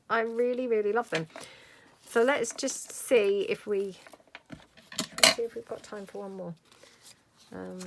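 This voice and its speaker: A woman's voice: fairly high pitch, measured pace, pauses often, a bit bright, a little hiss or hum. A middle-aged woman chatting casually through a crafting tutorial, thinking aloud as she works. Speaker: craft vlogger.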